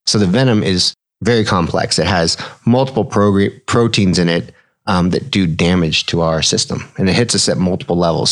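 A man in his thirties with a low, deep voice talks through medical details in a relaxed podcast chat. He explains things plainly and mixes clinical terms with casual slang, like a physician at ease with his co-host.

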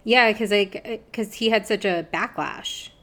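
A woman co-hosting a podcast in casual chat, relaxed and matter-of-fact. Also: mid-range voice, measured pace. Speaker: podcast co-host.

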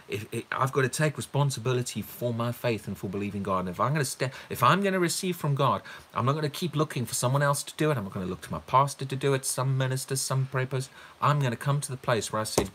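Bright-voiced animated male preacher. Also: medium pitch, slight background noise. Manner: animated, rising to loud excited bursts when quoting; repeats words and restarts when excited. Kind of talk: sermon.

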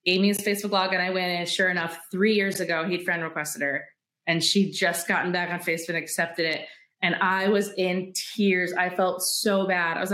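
Animated woman telling stories in an echoey room. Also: on the low side, brisk. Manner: animated, acts out quoted dialogue, laughs often. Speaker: guest entrepreneur. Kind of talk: candid storytelling interview.

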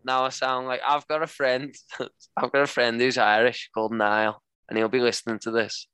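A man co-hosting a podcast tells jokey stories in casual chat, his medium-pitched voice at normal speed with a clean tone and no echo. He's animated and playful, slipping into voices as he goes.

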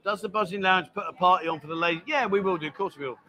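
A man's voice: high-pitched, very fast, bright, forceful tone. A man hosting a casual livestream from a bar, teasing his guest and reading viewer comments aloud. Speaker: bar show host.

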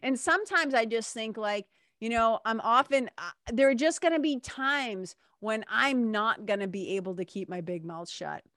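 A woman's voice: on the high side, normal speed, a bit bright, no room sound, studio quality. Earnest woman telling a personal story. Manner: earnest, reflective, re-enacts quoted dialogue.

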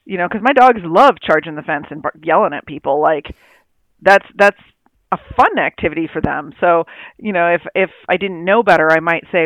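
A woman's voice: fairly low pitch, lively intonation, normal speed, no echo, dull audio. A woman co-hosting a casual chat about dog training, rambling and acting out her dogs' thoughts in little quoted voices.

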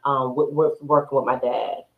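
A woman guest on a podcast telling her story candidly, pausing often with "um". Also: a bass voice, level tone, phone-quality sound. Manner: candid storyteller, frequent "um" pauses. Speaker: guest, accountant and entrepreneur. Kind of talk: casual interview chat. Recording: echoey room.

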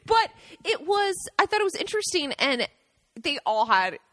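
A woman's voice: high-pitched, big pitch swings, normal speed, a bit bright, no echo, studio quality. A woman co-hosting a podcast, chatting casually and laughing often. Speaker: podcast co-host. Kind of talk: casual chat. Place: home in Italy.

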